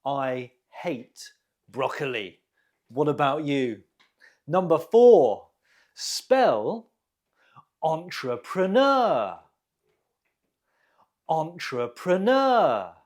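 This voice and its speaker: Guy teaching english quiz, slow and careful, bouncy tone. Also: mid-range voice, animated, darkish tone. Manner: slow, deliberate model pronunciation. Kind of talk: quiz lesson.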